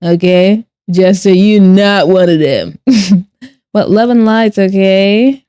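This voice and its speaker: A woman's voice: mid-range voice, slow pace, dark tone, clear, resonant tone, dry recording, clean studio sound. Giggly woman streamer chatting while drawing. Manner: chatty, reads chat aloud and answers with playful sarcasm; giggly, laughs often. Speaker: art streamer. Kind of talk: casual live-stream chat while drawing.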